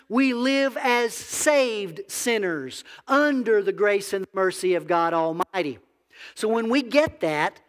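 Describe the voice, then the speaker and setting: A man's voice: high voice, a bit bright, big-room sound. A man, a biblical counselor, preaching a conversational sermon that asks the audience questions. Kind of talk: sermon to a congregation.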